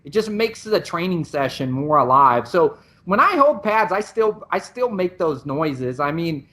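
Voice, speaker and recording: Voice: mid-range voice, lively intonation, unhurried, sharp tone. A podcast co-host and Muay Thai coach, explaining things in a casual way with many restarts. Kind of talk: casual chat.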